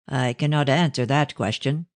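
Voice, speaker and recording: A stern, cold elderly father, measured and severe, as a man voices him in an audiobook. The sound is close and dry. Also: mid-range voice, no echo, close to an everyday voice. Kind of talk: audiobook character reading.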